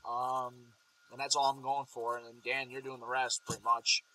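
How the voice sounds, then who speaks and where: Bright-voiced young man hosting a podcast. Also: mid-range voice, little pitch movement, moderate pace, a little hiss or hum, rough recording. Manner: rambling, lots of filler ums. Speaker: podcast host. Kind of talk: casual group chat.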